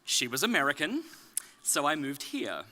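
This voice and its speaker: A man from Australia with a softened Australian accent gives a public talk at a conference, with wry, self-deprecating humor. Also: fairly high pitch, wildly swooping pitch, normal speed. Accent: Australian, softened toward British. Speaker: conference speaker. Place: conference stage.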